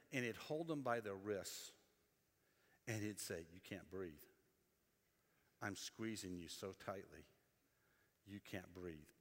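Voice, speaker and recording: A man's voice: high-pitched, pushed and bright, big-room sound. A man preaching a sermon in a conversational, storytelling way, often repeating his phrases.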